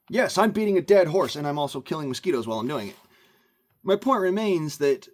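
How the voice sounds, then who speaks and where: A man's voice: a little high, expressive, a little fast, slight background noise. A man ranting into the camera for his vlog, emphatic and meandering, often repeating himself. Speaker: vlogger. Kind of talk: rambling rant to camera.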